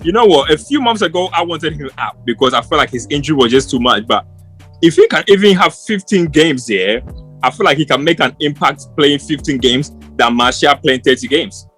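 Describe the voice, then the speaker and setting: High-voiced man giving rambling football opinions. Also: lively intonation, a little fast, fairly bright tone, slightly rough, faint music behind. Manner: rambling, restarts often, passionate opinions. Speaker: football podcast co-host. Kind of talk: casual post-match chat.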